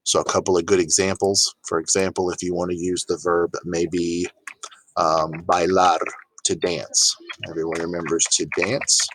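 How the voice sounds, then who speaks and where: Low-voiced man teaching a casual lesson. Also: normal speed, a little hiss or hum, rough recording. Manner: relaxed, chatty, many fillers, addresses students directly. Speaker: Spanish teacher. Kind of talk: informal recorded grammar lesson.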